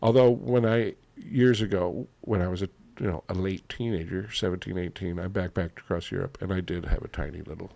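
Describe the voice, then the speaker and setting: A man's voice: low-pitched, steady tone, brisk, creaky, hardly any pauses, dark tone, dry recording. A Canadian man co-hosting a podcast in a casual, blunt and opinionated chat, swearing freely. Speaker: podcast co-host.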